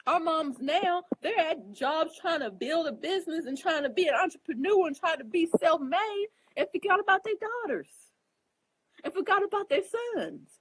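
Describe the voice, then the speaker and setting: Here an astrologer delivers a casual spoken monologue of advice to her viewers, earnest and emphatic to the point of preaching, openly emotional and often asking if they understand as she addresses them directly. Her voice is very high-pitched and expressive, at a moderate pace. The audio is poor, with a little hiss or hum.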